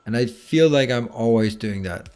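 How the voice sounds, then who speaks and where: A man's voice: mid-range voice, animated, moderate pace, a little mellow. A game streamer talking to himself while he plays, muttering and breaking into exasperated outbursts, with a Danish accent. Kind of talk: live gameplay commentary.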